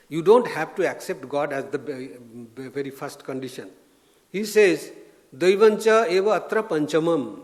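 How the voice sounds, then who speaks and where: A man, a swami, giving an informal spiritual talk, gentle and anecdotal with frequent restarts. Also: fairly high pitch. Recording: long reverb of a lecture hall.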